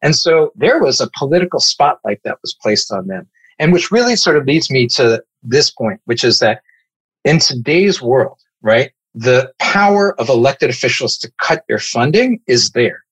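Emphatic, husky-voiced man telling stories. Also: medium pitch, moderate pace, no room sound, rough recording. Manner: animated, profane, emphatic storyteller. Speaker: nonprofit advocacy leader. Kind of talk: casual podcast storytelling.

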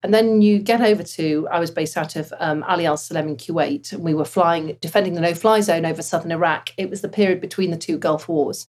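A woman, a former fighter pilot, telling stories in a casual interview with animated laughter. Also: fairly low pitch, fairly quick, few pauses.

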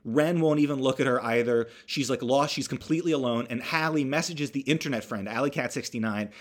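A man's voice: mid-range voice, fairly quick, few pauses. A man casually recapping a horror movie, rambling with wry asides and self-corrections.

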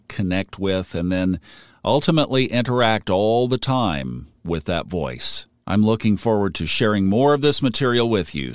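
A man with a lowish voice closes out a podcast episode in a calm, measured way. The recording is dry, with no room sound. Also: clean tone, no echo. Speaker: podcast host. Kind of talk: podcast outro.

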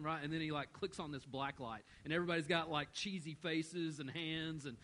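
A man's voice: on the high side, fairly even intonation, fairly quick, sharp tone, low-quality recording. A middle-aged man preaching a sermon as pastor, telling a story and acting out the quoted voices.

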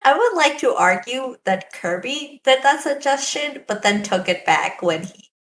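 A woman's voice: sits high, big pitch swings, a little slow, a bit bright, slight background noise. A woman playing in a tabletop game, chatting in an eager, hesitant way. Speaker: player.

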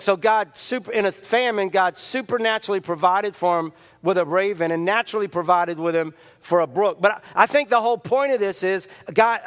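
A preacher speaking to his congregation, animated and storytelling, with a fairly high male voice. The sound carries a long, echoing hall reverb. He moves between plain talk and acted-out voices as he preaches. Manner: animated storytelling, acts out quotes with comic voices. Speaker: pastor. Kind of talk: sermon.

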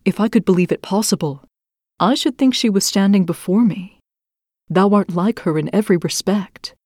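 A woman voicing a young prince in a storybook reading, speaking softly in a measured, formal manner. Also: mid-range voice, no room sound, clean studio sound, close to an everyday voice. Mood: tender. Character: stern young prince testing his bride.

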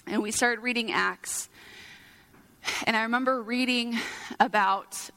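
A woman's voice: a little high, fairly even intonation, unhurried, gravelly, pushed and bright. A young woman giving an earnest sermon, mixing scripture with a personal story and casual fillers. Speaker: preacher.

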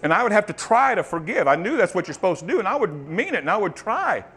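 A man preaching a sermon, swinging from loud fervent bursts to soft, murmured testimony. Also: high voice, very animated, quick pace, a little hiss or hum.

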